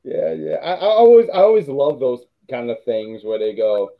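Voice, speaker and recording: A man's voice: mid-range voice, sing-song, normal speed, vocal fry, lo-fi sound. A man co-hosting a wrestling podcast, talking in a rambling, casual way that often corrects itself. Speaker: podcast co-host.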